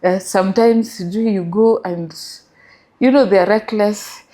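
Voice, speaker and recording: Kenyan woman telling a story, mellow voice. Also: mid-range voice, a little slow. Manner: animated storytelling with English and Swahili mixed. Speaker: guest. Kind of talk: interview storytelling.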